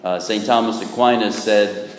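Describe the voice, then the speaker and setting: A man's voice: lowish voice, fairly even intonation, normal speed. A man, a Catholic priest, preaching a homily with a folksy, humorous manner, often checking in with "right?". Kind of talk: sermon. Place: church. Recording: echoey church with long reverb.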